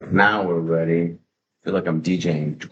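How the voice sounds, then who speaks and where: A man hosting a livestream, talking in a casual, excitable, rambling way with plenty of swearing, into a desk mic at his home setup. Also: sits low, moderate pace, lo-fi sound. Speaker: livestream host. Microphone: desk microphone.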